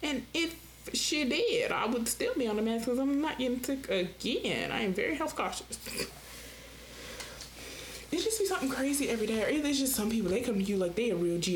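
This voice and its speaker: Young woman, podcast host, sassy rambling chat, highish voice, faint background noise. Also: a little fast. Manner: animated, sassy, jumps into mimicked voices. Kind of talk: casual rambling monologue.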